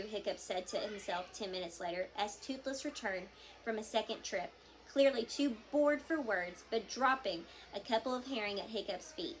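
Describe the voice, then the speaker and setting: A woman reading a children's novel aloud to a class, with expressive storytelling. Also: a little high, moderate pace, slight background noise.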